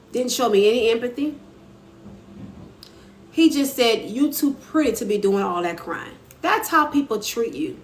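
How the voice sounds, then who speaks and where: A woman's voice: on the high side, fairly bright tone. A young woman talking casually to viewers on a live stream, answering their comments as she goes. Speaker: author and live-stream host. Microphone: phone. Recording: echoey room with faint ambient noise.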